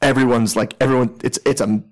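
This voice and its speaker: A man's voice: medium pitch, fairly even intonation, a little fast, poor audio. A man narrating a tabletop role-playing game as game master, with many fillers and restarts.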